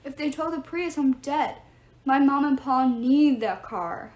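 A woman's voice: high-pitched, measured pace, a little mellow, pitched above the performer's own voice. A woman voicing a sick teenage boy hero who grumbles and jokes wryly, recorded in a roomy space. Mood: grumbling. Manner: grumbling, wry. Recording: roomy echo.

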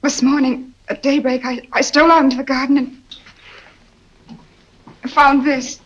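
A woman's voice: high-pitched, flat delivery, measured pace. An actress playing a frightened young woman in a 1940s film, telling her story in an anxious, pleading way. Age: young adult. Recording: dull old film soundtrack.

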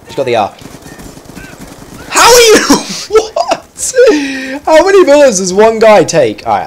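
A man commentating his own gameplay live, with a fairly high voice that leaps all over the place. He chatters in a self-mocking way and breaks into yelps and squeals when things go wrong. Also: slight background noise. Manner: excitable, yelps and squeals at sudden moments, laughs often.

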